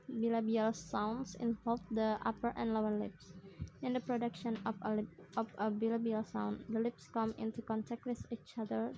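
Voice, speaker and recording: A young woman student reading her prepared phonetics assignment aloud, in short measured phrases. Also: on the high side, warm tone, slight background noise, low-quality recording.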